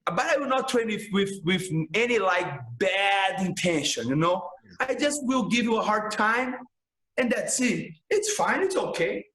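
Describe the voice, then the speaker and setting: A man's voice: high-pitched, expressive, measured pace, pushed and bright. A man from Brazil with a Brazilian Portuguese accent, a jiu-jitsu instructor telling stories in casual, broken English full of restarts and emphatic "man". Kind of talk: casual storytelling chat. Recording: roomy echo.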